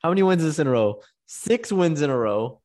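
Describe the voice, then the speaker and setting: A man's voice: fairly high pitch, animated, fairly quick, a little mellow. A man co-hosting a sports podcast, reading off scores and stats in casual chat and now and then tripping over a word. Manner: talks through stats, trips over words. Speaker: podcast co-host.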